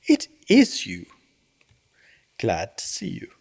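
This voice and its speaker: A man's voice: on the low side, huge pitch swings, takes it slowly, vocal fry, darkish tone, breathy edge, exaggerated voice. A man voicing a fussy, cautious male rabbit in a bedtime storybook reading, prim and careful in his speech. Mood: fussy, polite.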